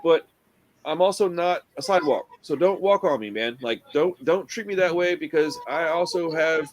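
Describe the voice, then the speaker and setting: A man hosting a casual film podcast, talking in an animated, slangy way and acting out quotes. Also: on the high side, moderate pace, slight background noise. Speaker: podcast host. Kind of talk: casual chat about a film.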